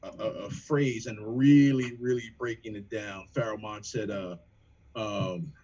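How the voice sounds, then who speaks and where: A man, a rapper in a band, chatting casually on a livestream, animated and profane as he breaks down lyrics. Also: fairly low pitch, a little slow, muffled recording.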